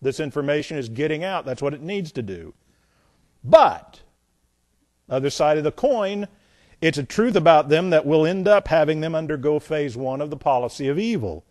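A man teaching a Bible lesson as a pastor, emphatic, repeating phrases and swinging between loud points and quiet asides. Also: on the high side, lively intonation, normal speed, no echo, clean studio sound.

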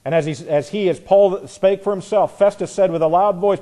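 A man's voice: high voice, moderate pace, few pauses, mellow. A man preaching a sermon, reading scripture aloud and explaining it in a conversational way. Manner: conversational, reads scripture then comments. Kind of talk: expository sermon.

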